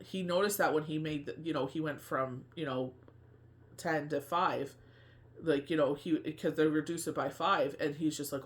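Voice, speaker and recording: A man's voice: fairly high pitch, steady tone, moderate pace. A man who works as a tarot reader and medium, talking in a casual personal monologue. His talk is earnest and confiding, rambling with many fillers and restarts.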